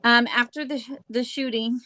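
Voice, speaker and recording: A woman hosting a casual true-crime chat, halting with fillers and restarts and dropping sarcastic asides. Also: a little high, fairly even intonation, pushed and bright, rough recording. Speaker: host.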